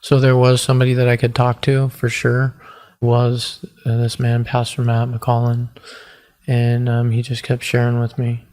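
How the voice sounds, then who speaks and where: Earnest man with a monotone voice. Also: medium pitch. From United States. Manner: earnest, halting, with many restarts. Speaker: podcast guest. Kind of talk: personal testimony in an interview.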